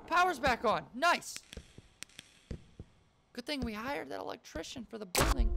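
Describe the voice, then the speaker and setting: A man's voice: extremely high pitch, big pitch swings, moderate pace, gravelly, background noise. A man giving casual, joking commentary while playing a horror game, with jumpy exclamations. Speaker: gaming YouTuber.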